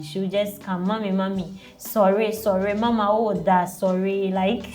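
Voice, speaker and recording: A young Ghanaian woman chats with an easy, unhurried manner, sprinkling "like" through her sentences and laughing lightly. Her voice sits at a middle pitch, with faint music playing quietly behind her. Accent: Ghanaian English. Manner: chatty, peppered with "like" and laughs. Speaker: interviewee mother. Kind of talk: casual chat.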